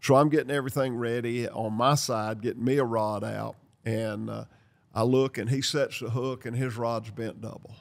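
An older man from North Carolina, hosting a podcast and telling lively stories, acting out the dialogue as he goes. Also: medium pitch, moderate pace, vocal fry. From North Carolina, USA. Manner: lively storyteller who acts out dialogue and laughs. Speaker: podcast host. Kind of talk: storytelling podcast chat.

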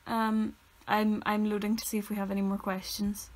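A woman's voice: medium pitch, monotone, moderate pace. A young woman co-hosting a casual podcast who mostly chimes in with dry, brief remarks. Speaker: podcast co-host. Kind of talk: casual chat.

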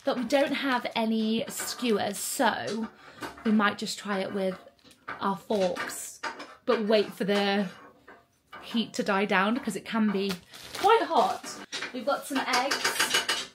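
A woman's voice: mid-range voice, slow pace, background noise. A bubbly woman vlogging casually from a cabin, chatting to the camera and cooing at her dog. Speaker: lifestyle vlogger. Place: cabin in the woods.

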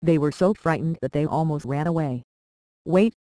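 A narrator reading a children's storybook aloud with a steady, even delivery. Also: medium pitch, brisk, dry recording, low-quality recording.

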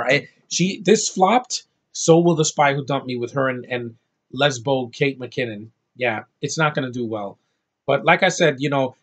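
A man's voice: mid-range voice, fairly bright tone, husky. A man giving a blunt, profane, rambling film review rant. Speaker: movie reviewer.

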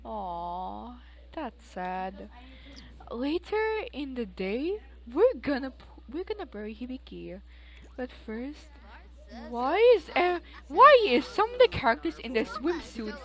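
Lively, high-voiced woman commenting on gameplay. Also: unhurried, low-quality recording. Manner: chatty, rambling, with frequent exclamations. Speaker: let's play host.

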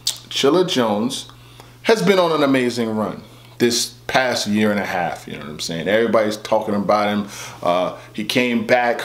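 A man's voice: on the low side, expressive, normal speed, echoey room. A man hosting a battle rap commentary vlog, talking casually and conversationally. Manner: laid-back, conversational, repeats "you know what I'm saying".

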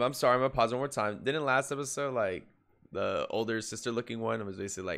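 Male reaction host with a bright, forward tone, casual and profane, and prone to sudden excited bursts. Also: on the low side, quick pace. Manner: loose, profane, slangy chatter with sudden excited jumps. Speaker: anime reaction channel host.

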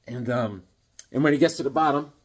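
A man reviewing comics in a casual, excitable, rambling way, full of fillers. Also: mid-range voice, brisk, breathy edge.

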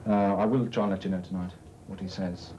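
Low-voiced young man, earnest and hesitant. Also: level tone, warm tone, muffled recording, a little hiss or hum. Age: young adult. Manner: earnest, measured, with frequent hesitations. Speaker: music society organiser. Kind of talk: committee discussion and radio interview.

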